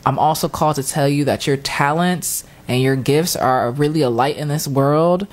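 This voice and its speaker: A woman with a low, deep-set voice chats casually, telling a personal story. She acts out what others said along the way. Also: normal speed. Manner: animated storyteller, acts out quotes with high squeals and laughs. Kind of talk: casual chat.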